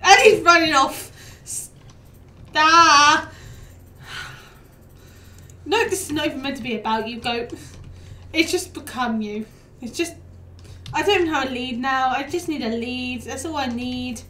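Young woman, high voice, game streamer, chatty and laughing, a bit off-mic, echoey room. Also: fairly bright tone, recorded from a distance, a little hiss or hum. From United Kingdom. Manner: chatty, quick to laugh, talks back to the game. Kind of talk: casual live-stream chat.

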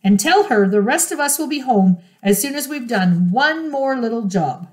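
A woman's voice: on the high side, moderate pace, lightly acted. Woman voicing a gleeful, bossy father fox. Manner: exclaiming, lively, commanding. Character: proud clever male fox father, showy and bossy. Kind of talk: storybook read-aloud.

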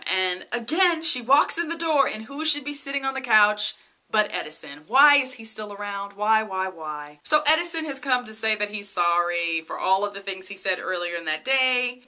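A woman vlogger recapping a TV episode in a casual, excitable way, full of "like" and "you know". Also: fairly high pitch. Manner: chatty, lots of "like" and "you know" fillers; excitable, gushing.

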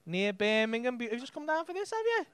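A man's voice: extremely high pitch, big pitch swings, fast, fairly bright tone, clear, resonant tone, dry recording. A man with a Liverpool accent doing brash, sweary stand-up crowd work from a club stage. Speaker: stand-up comedian.

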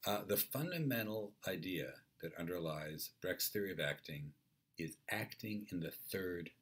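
A man giving a university lecture on theatre in a clear, measured, explanatory way. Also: sits low, expressive, a bit bright.

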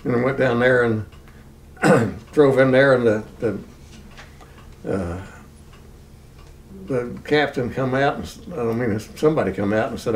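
An older man from Texas telling a war memory in an oral history interview, plain and unhurried, chuckling now and then. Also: medium pitch, far from the mic. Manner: plain unhurried recounting, chuckles at own story.

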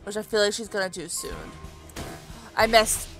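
A young woman commentating on a video game as she plays, chatty and excitable, talking into a desk mic. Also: mid-range voice, fast talker, faint music behind. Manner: excitable, chatty, reads game dialogue aloud. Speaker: let's play host. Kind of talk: casual gameplay commentary.

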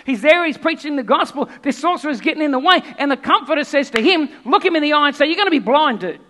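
A man preaching a sermon, telling Bible stories in a conversational, animated way with acted asides. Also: very high voice. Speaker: pastor.

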